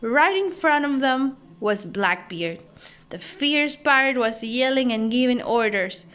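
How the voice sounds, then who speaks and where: A woman teacher reads a storybook aloud for children, slow and highly animated. Her voice sits high and swings widely. The recording is dull and lo-fi. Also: clean tone. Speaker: primary school teacher. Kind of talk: read-aloud story time. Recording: dull lo-fi audio.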